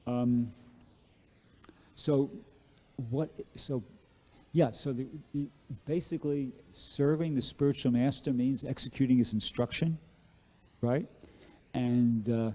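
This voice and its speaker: Mellow, husky-voiced man telling a story. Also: medium pitch, steady tone, takes it slowly, pauses often. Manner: casual, rambling storytelling with many fillers and restarts. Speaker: class speaker at a temple. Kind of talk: Bhagavatam class storytelling.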